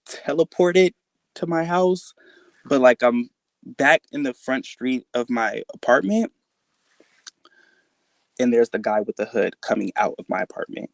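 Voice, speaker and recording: A guest tells the story of a frightening personal encounter in casual, halting speech packed with fillers and restarts. When he acts out quoted dialogue, his pitch jumps up. The recording is dry.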